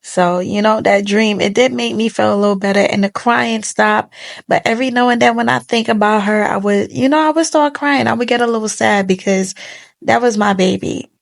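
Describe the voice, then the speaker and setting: A young woman with a slightly high voice and vocal fry talks at normal speed to the phone camera facing her. Fighting back tears, she shares a sad personal story in a casual, colloquial way, heartfelt and tearful throughout the emotional storytime.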